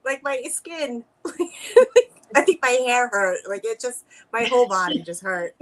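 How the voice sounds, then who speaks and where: A woman's voice: fairly high pitch, a little slow, no echo, poor audio. A woman with a Boston accent, chatting casually as a guest on a live spiritual reading stream, laughing often and telling stories with energy. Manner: laughing, animated storytelling. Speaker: psychic guest. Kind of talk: casual chat.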